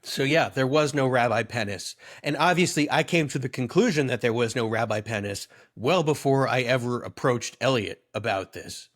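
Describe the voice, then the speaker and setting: A man in his thirties, voice sitting right in the middle of the usual range, chatting loosely as a podcast co-host. He wanders from one anecdote to the next, getting animated and amused as he goes. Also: mid-range voice, normal speed, few pauses. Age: 30s. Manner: rambling storyteller, amused and animated. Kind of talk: casual chat.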